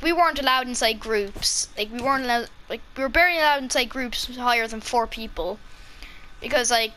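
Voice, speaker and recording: A young Irish woman talks casually into her vlog, chatty and giggly, stumbling through ums as she goes. Her voice sits fairly high and sounds bright and crisp. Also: slight background noise. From Ireland. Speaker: kids YouTuber.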